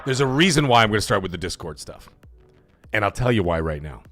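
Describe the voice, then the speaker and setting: A man's voice: fairly low pitch, fast, faint music behind. A man hosting a gaming livestream, energetically reading out and reacting to chat messages. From Canada. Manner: energetic, hyped, reads chat messages aloud. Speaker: livestream host.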